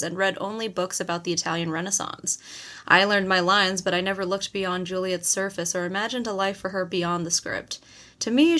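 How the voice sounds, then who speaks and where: A woman narrating a first-person novel as an audiobook, telling it expressively. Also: medium pitch. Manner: expressive storytelling with acted quotes.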